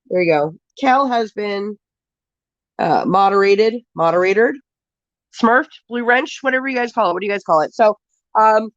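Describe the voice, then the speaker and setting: A woman's voice: mid-range voice, fairly bright tone, no echo, highs cut off. A woman with a cold, sniffly, hosting a casual live stream from home and chatting and greeting viewers one by one.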